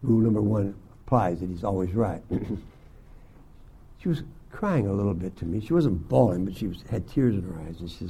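An older man teaching a Bible school class, telling folksy stories and often clearing his throat. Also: deep voice, animated, brisk, mellow. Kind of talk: sermon to young students.

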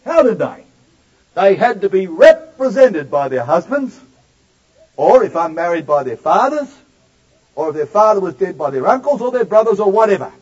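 A male preacher delivering a sermon, addressing the congregation directly and slowing down to stress key words. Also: high-pitched, a little mellow, breathy edge, muffled recording.

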